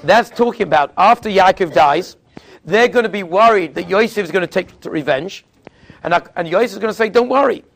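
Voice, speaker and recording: A man's voice: a little fast, fairly bright tone. A man giving a Torah class as a rabbi, telling stories and acting out the people he quotes, often repeating and restarting phrases. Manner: storytelling, acting out quoted speakers with sudden pitch jumps.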